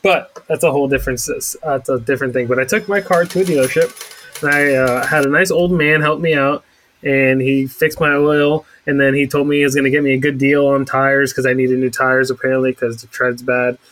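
Young podcast dude rambling about his car, sarcastic, bright tense voice, little hiss. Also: mid-range voice, steady tone, a little fast, low-quality recording. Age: young adult. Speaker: podcast co-host. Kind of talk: casual chat.

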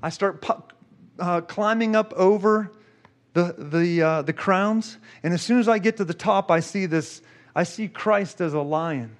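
Male preacher with a high voice, telling an emotional testimony during a sermon. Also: a little slow. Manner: emotional, storytelling, repeats himself.

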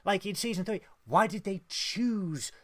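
A man co-hosting a casual fan podcast, talking with lively, mock-dramatic emphasis. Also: sits high, unhurried, no room sound. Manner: animated, mock-dramatic when ranting. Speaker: podcast co-host. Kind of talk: casual chat.

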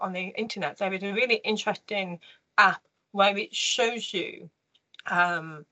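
A woman in her fifties, an interview guest telling her personal story in an earnest, emotional way with halting restarts. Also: medium pitch, bright, forceful tone, low-quality recording.

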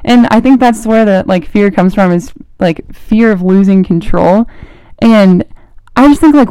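A young college-age woman talks casually about her faith as a podcast host, chatty and animated, with lots of "like" fillers. Her voice is warm and mellow, and it is recorded close and dry. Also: mid-range voice, clean tone, dry recording. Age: young adult, college student. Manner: chatty and animated, full of "like" fillers, quick laughs.

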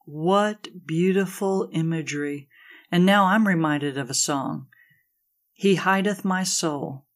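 A woman hosting a Christian talk show, asking her guest questions in a slow, gentle way. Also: fairly low pitch. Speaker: host. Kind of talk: interview talk.

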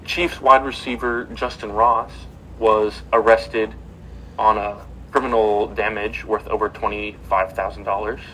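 A man's voice: fairly low pitch, flat delivery, a little slow, sharp tone, a little hiss or hum, poor audio. A man hosting a casual sports podcast, reading news items with many ums and uhs.

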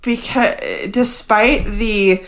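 A woman's voice: fairly high pitch, fairly even intonation, drawn-out words. A woman co-hosting a casual podcast recap of a TV episode, with wry, dry asides. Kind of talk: casual chat.

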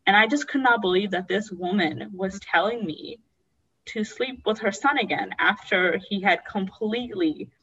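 A woman's voice: medium pitch, normal speed, pushed and bright, breathy edge, lo-fi sound. A young adult woman, a guest, candidly telling an emotional personal story and acting out the voices she quotes.

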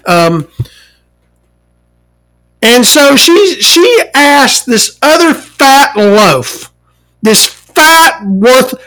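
A forty-year-old vlogger rants through a story, exasperated and swearing constantly. The pitch swings wildly, leaping high in outrage and dropping low for asides. The people in the story get mimicked along the way. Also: very animated, extremely slow, long pauses, pushed and bright, rough recording. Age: 40s. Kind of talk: profane ranting storytime.

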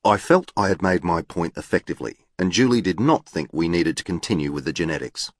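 A man narrates an audiobook with a deep voice in a formal, exact and literal manner. His delivery rises and falls in a lively way and sounds close and dry. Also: a little fast, no room sound. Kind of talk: scripted narration.

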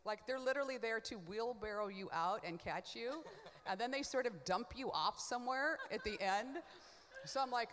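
A woman guest on a panel, giving an expressive personal testimony in a chatty way, full of quick asides and filler words. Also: on the high side, in a large hall. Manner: expressive, swings from hushed to loud.

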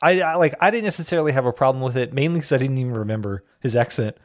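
A man co-hosting a casual podcast chat, animated and opinionated, joking as he goes. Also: medium pitch, rapid-fire, dry recording, clean studio sound. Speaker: podcast co-host.

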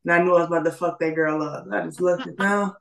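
A woman's voice: lowish voice, fairly even intonation, fast talker, vocal fry, reverberant, far from the mic. A woman guest, an MMA fighter, chatting casually in an interview, laughing easily and speaking bluntly.

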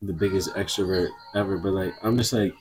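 A man's voice: low-pitched, a little fast, darkish tone, breathy edge. Laid-back man telling long stories. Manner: laid-back, rambling storyteller. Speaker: podcast co-host. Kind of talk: casual chat.

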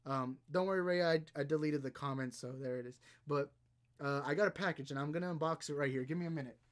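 A man hosting a live stream, chatting casually and rambling while reading chat and browsing, now and then bursting into excitement. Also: a little high, fast talker. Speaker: podcast host streaming live.

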